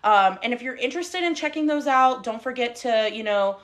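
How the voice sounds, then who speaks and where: A young woman from the Middle East co-hosting a podcast in a casual, chatty way, with lots of fillers and quick laughs. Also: on the high side, fairly bright tone. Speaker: podcast co-host. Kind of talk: casual chat. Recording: live stream, recorded together in a car.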